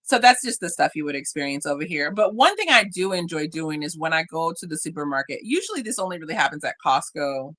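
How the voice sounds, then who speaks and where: A woman's voice: deep voice, fast talker, hardly any pauses. A woman co-hosting a podcast, chatting casually and animatedly, acting out little quotes as she tells stories. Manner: animated storyteller, acts out quotes. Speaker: podcast co-host. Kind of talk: casual chat. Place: living in Japan.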